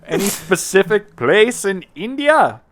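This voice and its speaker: An improv actor in a comedy scene, playful and prone to dramatic overreactions. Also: medium pitch. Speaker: podcast co-host, actor. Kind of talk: improvised comedy role-play.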